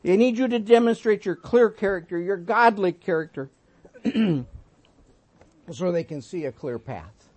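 A sixty-something man delivers a sermon with a naturally high voice. He tells folksy stories and moves between emphatic exhortation and quiet, gentle asides. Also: lively intonation, measured pace. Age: 60s. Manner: folksy storytelling, swinging between emphatic and soft. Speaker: pastor.

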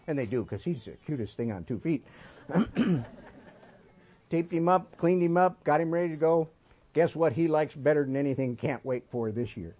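A man in his sixties preaching a sermon, telling folksy stories and swinging between emphatic points and soft asides. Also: on the high side, animated, normal speed. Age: 60s. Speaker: pastor.

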